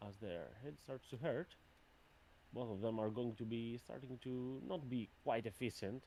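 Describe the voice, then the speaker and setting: A man's voice: medium pitch, moderate pace. Man narrating as game master. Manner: thinking aloud, plain and even.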